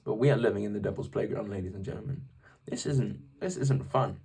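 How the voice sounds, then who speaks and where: Young English man, husky, rambling faith vlog. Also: on the low side, fairly quick, recorded from a distance. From England. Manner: rambling, animated, self-interrupting. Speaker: vlogger. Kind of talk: casual faith talk to camera.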